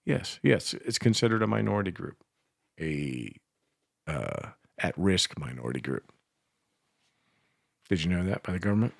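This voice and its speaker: Morning radio co-host, male, from Ohio; deep rough voice, rambling crude jokes, dry booth sound. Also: lively intonation, normal speed, pauses often, no room sound. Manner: rambling, crude joking with laughs. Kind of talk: casual banter.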